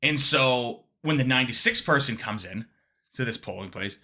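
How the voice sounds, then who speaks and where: A man, a comedian guest on a podcast, telling a story in an animated, restless way with quick restarts. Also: mid-range voice.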